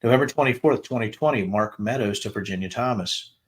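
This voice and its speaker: Lowish man reading texts aloud. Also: fairly quick. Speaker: podcast host reading text messages aloud. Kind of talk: dramatic reading of texts with asides.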